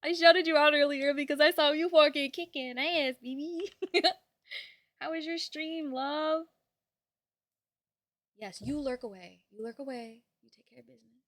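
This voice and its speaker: A young woman streamer chatting casually with her viewers, bubbly and quick to swear. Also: sits high, a bit bright, no room sound, studio quality.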